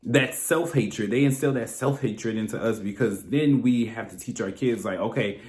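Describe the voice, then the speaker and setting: A man's voice: medium pitch, normal speed. A man hosting his own commentary channel, talking bluntly and with plenty of swearing. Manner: blunt, animated, profane. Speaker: reaction channel host. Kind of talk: casual commentary. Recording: roomy echo.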